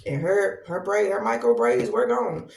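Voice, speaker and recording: Gravelly-voiced woman telling a story in an echoey room. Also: medium pitch. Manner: animated, conversational, drawn-out repetitions. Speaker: podcast host. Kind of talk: casual storytelling monologue. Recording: roomy echo, distant from mic.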